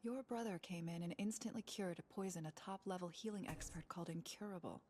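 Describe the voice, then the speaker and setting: An actress playing a composed elf mage who speaks softly and evenly. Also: female voice, fairly low pitch, slight background noise, close to an everyday voice. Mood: calm. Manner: measured and soft-spoken. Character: calm, composed female elf mage, ageless.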